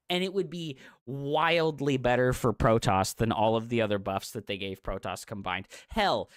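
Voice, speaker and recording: A woman's voice: sits low, dry recording, studio quality. A woman game streamer on a livestream, ranting in a profane, exasperated, mocking way and repeating her jabs. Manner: mocking, repetitive. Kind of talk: livestream rant.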